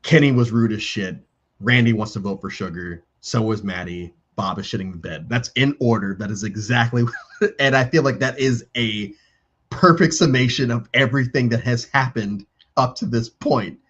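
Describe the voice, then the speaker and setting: A man hosting a live stream in casual chat on a video call. He talks in an animated way and acts out quoted lines in different voices. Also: medium pitch, moderate pace, slightly rough, dull audio. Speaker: stream host.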